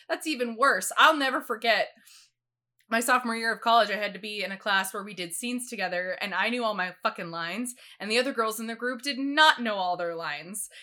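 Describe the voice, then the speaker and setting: A woman in her twenties co-hosting a podcast, telling animated stories in casual chat and laughing often. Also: medium pitch. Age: 20s. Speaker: podcast co-host.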